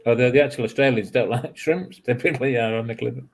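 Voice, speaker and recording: A man's voice: mid-range voice, quick pace, vocal fry. A man in a casual chat with friends, joking and teasing.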